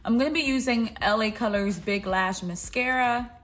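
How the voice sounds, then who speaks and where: A young beauty vlogger chats through her makeup tutorial in a slightly high, somewhat bright voice at normal speed. She sounds playful and encouraging as she talks casually to her viewers.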